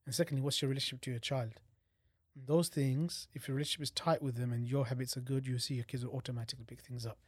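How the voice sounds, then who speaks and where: A man talks in a relaxed podcast chat. He explains his points in a measured, reflective way. His middle-pitched voice is recorded close and dry. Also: no echo. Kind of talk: casual chat.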